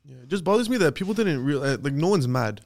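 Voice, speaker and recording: A man who is a comedian guest on a podcast, chiming in with quick agreeing remarks that trail off quietly. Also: on the high side, lively intonation, creaky. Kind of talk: casual comedy podcast chat.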